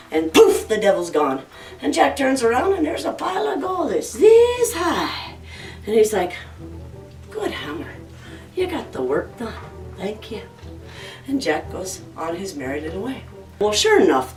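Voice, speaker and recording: A woman narrates a folktale with lively, playful theatrics. She sits well back from the mic in a roomy space. Faint music plays behind her. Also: fairly high pitch, far from the mic. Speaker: storyteller.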